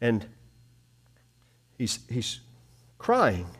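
A man preaching a sermon to a small congregation in a room, swinging between hushed and loud delivery. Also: mid-range voice, huge pitch swings, drawn-out words, husky. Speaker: pastor.

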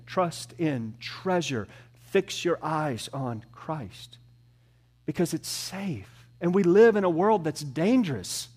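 A man preaching a sermon to his church as pastor, earnest, building up and then dropping to soft, slow emphasis. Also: high voice.

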